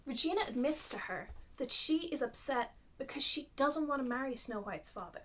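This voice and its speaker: Chatty woman w a high voice, rambling recap of a show, lots of "like". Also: expressive, moderate pace, hardly any pauses, fairly bright tone, a little hiss or hum. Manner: chatty, uses lots of fillers. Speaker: youtuber. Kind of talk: casual plot recap.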